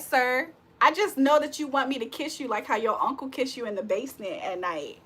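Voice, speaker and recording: Woman livestream host, high and bright, roasts her chat, breaks into loud laughter. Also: husky. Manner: trash-talking, laughs loudly. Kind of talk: casual live chat.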